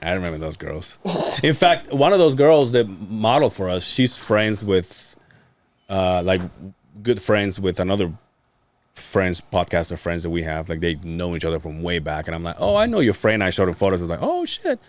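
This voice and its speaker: A man casually telling stories on a podcast, swearing and mimicking other people's voices. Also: moderate pace. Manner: animated, mimics others with high-pitched voices, swears often. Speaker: podcast host. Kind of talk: casual storytelling chat.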